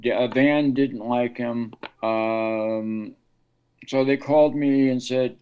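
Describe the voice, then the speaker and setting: A guest guitarist tells stories in a casual interview, animatedly acting out the voices of the people he quotes. His mid-range voice is smooth and slow-paced, with lo-fi sound.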